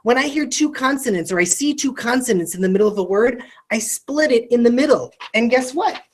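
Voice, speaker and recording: A woman teaching a recorded phonics lesson to children. She talks straight to the student with quick questions and sounds out each word slowly, syllable by syllable. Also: on the high side, expressive.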